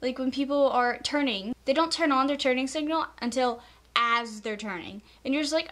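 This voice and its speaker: Young female vlogger, high voice, fed-up ranting tone, acts out annoying people. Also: moderate pace, a bit bright. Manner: exasperated, mocks others in quoted voices. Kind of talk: casual rant to camera.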